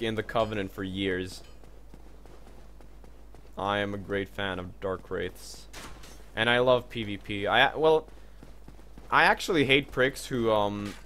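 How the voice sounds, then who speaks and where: A man's voice: fairly low pitch, a bit bright, slight background noise. A young man streaming a video game, chatting casually with viewers in a loose, joking way, swearing and filling gaps with "like" and "um". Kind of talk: casual live-stream commentary.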